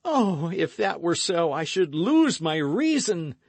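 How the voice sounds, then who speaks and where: A man's voice: medium pitch, sing-song, measured pace, dry recording, voice pushed up. A man reading an audiobook voices a passionate, rash young swordsman who speaks in impassioned exclamations.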